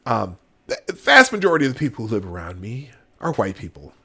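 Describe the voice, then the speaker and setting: A man's voice: medium pitch, wildly swooping pitch, fairly quick, creaky, pushed and bright, slightly rough. A middle-aged man hosting a live show, giving emphatic commentary with laughs. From Minnesota, United States. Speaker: host. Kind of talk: animated commentary.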